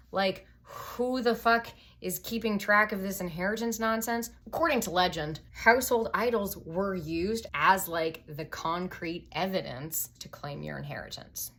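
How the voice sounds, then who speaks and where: A woman's voice: medium pitch, fairly bright tone, a little hiss or hum. A young woman hosting a tipsy comedy retelling of Bible stories, sarcastic and profane, full of valley-girl fillers. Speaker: comedy podcast host.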